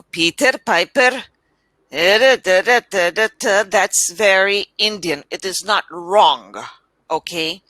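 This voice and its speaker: A woman English tutor on a video call, speaking in a deliberately unhurried, crisp-toned way. She is patient and encouraging, modelling each word with careful enunciation, over a dry close line. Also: medium pitch, pushed and bright, no echo. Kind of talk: online one-on-one language lesson.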